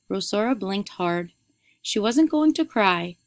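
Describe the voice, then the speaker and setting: A woman who teaches eighth grade reading, giving instructions and reading a story aloud clearly for her students. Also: mid-range voice, expressive, unhurried, no room sound.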